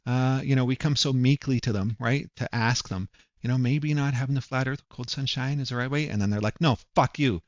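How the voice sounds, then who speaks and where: A man's voice: mid-range voice, brisk, no echo, highs cut off. A man ranting angrily in a profane, mocking monologue. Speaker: commentator. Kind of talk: angry monologue.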